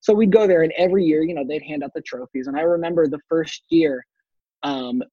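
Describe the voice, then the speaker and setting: A man's voice: fairly high pitch, fairly quick, no room sound, muffled recording. A man who is a podcast guest, chatting casually and telling long stories, swearing now and then. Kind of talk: casual chat.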